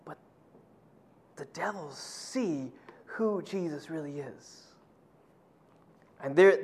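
Brief: male pastor, high voice, casual animated preaching with stories. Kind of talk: sermon.

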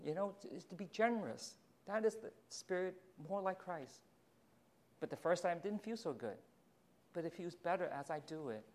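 Guy pastor giving a sermon, chatty and confessional, laughs at himself. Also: fairly high pitch. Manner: animated, confessional, self-mocking with laughs.

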